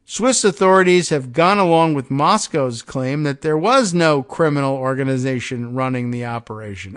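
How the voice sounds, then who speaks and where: A man's voice: medium pitch, moderate pace, hardly any pauses, clear, resonant tone. A male podcast host reading a news story aloud, breaking off for sarcastic, wry asides and stumbling over names.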